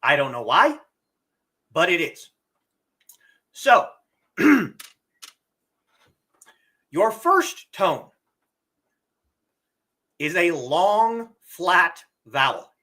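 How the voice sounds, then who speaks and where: A man giving a live-streamed lesson, explaining slowly and deliberately and drawing out his spoken examples. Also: sits high, sing-song, pushed and bright. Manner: reads viewer comments aloud. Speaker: teacher and streamer.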